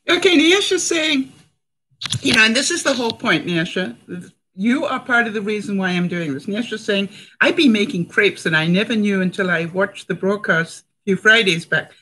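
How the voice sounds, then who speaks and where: A woman's voice: mid-range voice, expressive, normal speed, pushed and bright, low-quality recording. Chatty woman cooking on a live stream. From Canada. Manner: chatty, laughs often, talks to viewers. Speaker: vlogger. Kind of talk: casual live cooking demonstration.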